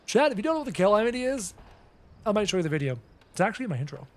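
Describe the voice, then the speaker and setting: A man streaming a game and chatting casually with viewers, a projecting, energetic talker with faint game music behind. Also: high-pitched, very fast. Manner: projects his voice, loud and energetic. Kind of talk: casual live-stream chat.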